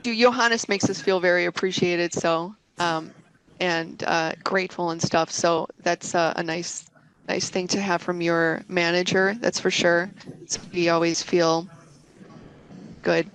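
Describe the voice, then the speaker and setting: Flat-voiced speaker on a call. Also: medium pitch, measured pace, clean tone, rough recording. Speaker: team member on a panel. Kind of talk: casual chat.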